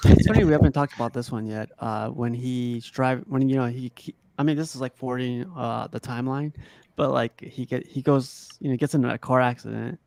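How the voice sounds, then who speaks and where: Gravelly man recounting scenes haltingly. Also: mid-range voice, fairly even intonation, darkish tone, a little hiss or hum. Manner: halting, many fillers, brings notes. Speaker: podcast co-host. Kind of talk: casual movie chat.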